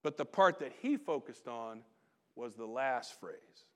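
A middle-aged man, a pastor, telling a personal story in a sermon, animated and then dropping to quiet asides. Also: mid-range voice, unhurried.

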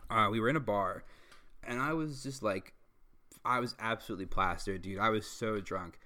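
A man's voice: on the low side, normal speed, sharp tone. A young man hosting a podcast, telling a long story in casual chat, rambling with many fillers, swearing and laughing as he goes. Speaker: podcast host.

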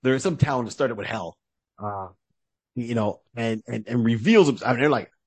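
A man on a podcast retells a comic book plot, keeping the story lively with quick put-on voices for its characters. His voice is husky, and the sound is dry and close with no room around it. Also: mid-range voice, dry recording. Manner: animated storyteller who acts out short character voices. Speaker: podcast co-host.

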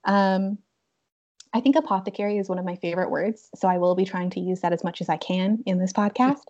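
A woman's voice: mid-range voice, a little fast, a little mellow. A young woman co-hosting a podcast in casual chat, giggly and full of "like" fillers. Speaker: podcast co-host. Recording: dull lo-fi sound.

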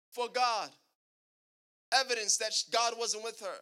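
A man's voice: very high voice, unhurried, bright, forceful tone, smooth. A male pastor preaching a sermon, calling out to the congregation and asking it to answer back. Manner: preaching with call-and-response to the congregation.

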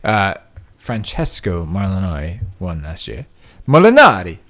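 A man's voice: mid-range voice, normal speed, smooth. Upbeat rambling male podcast host. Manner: upbeat, rambling, self-correcting. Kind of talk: casual chat.

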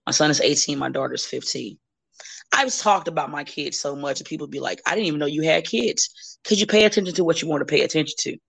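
Gravelly, blunt-talking woman. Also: deep voice, quick pace. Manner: blunt, profane, animated storytelling. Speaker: podcast guest, wrestler. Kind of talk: casual chat.

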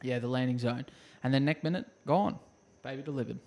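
Australian male co-host, mid-pitched, rambling casual storyteller, swears a lot. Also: brisk, a little mellow. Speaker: podcast co-host. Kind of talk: casual chat.

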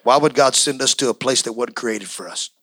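A male pastor delivering an impassioned sermon, swinging from quiet talk to shouting. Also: mid-range voice, brisk, no echo, poor audio.

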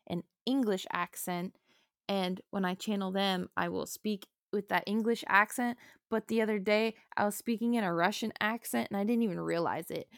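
Woman podcast cohost, kinda gravelly, loose storytelling, swears some. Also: mid-range voice, bright, forceful tone, dry recording, studio quality. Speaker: podcast co-host. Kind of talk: casual chat.

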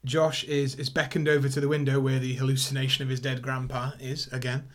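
A man's voice: mid-range voice, level tone, a little fast, very noisy. A man in a casual film review chat with an ordinary mid-range voice. He rambles, laughs often and swears freely as he talks.

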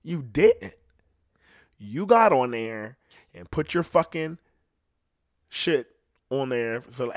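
A man's voice: medium pitch, sing-song, unhurried, long pauses. A middle-aged man ranting crudely in a casual rambling monologue, telling stories and quoting others in passing voices. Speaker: podcast host. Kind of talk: profane casual rant.

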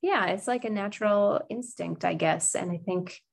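A woman's voice: mid-range voice, moderate pace, vocal fry. Thoughtful woman reflecting on scripture. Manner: thoughtful, reflective, laughs easily. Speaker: co-host of a scripture discussion. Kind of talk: casual Bible discussion.

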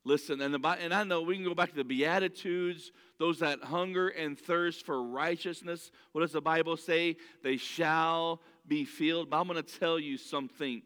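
Guy preaching in a big echoey hall, bright crisp voice, kinda high, earnest storytelling. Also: steady tone, moderate pace. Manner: earnest, storytelling, asks the crowd directly. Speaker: pastor. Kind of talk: conversational sermon. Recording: long reverb of a large hall.

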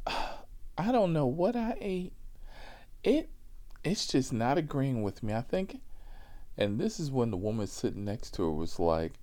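Rideshare driver, man, mellow, lively delivery, profane storyteller. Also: mid-range voice, slow, pauses often. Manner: animated, profane, many asides. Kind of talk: casual comic storytelling.

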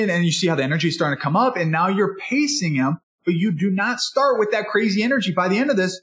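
An energetic, enthusiastic man teaching as a speaking coach in a motivational podcast talk, sometimes acting out a customer and a salesperson. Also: high-pitched, quick pace, hardly any pauses. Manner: energetic and enthusiastic, animated delivery; acts out customer and salesperson dialogue.

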